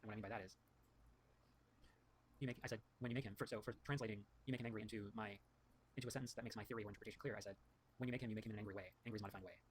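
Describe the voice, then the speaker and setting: A man's voice: lowish voice, steady tone, very fast, long pauses, a little hiss or hum. A man hosting his own show, reading emails aloud and thinking through grammar points, often correcting himself mid-sentence. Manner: rambling, self-correcting, reads quotes aloud. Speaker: host reviewing writing feedback.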